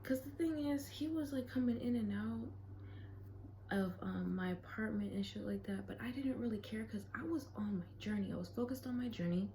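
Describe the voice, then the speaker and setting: A woman's voice: fairly high pitch, expressive, fairly quick, warm tone, a little hiss or hum, poor audio. A young woman vlogger telling a personal story in a candid, profane, casual way, sometimes dropping to a whisper.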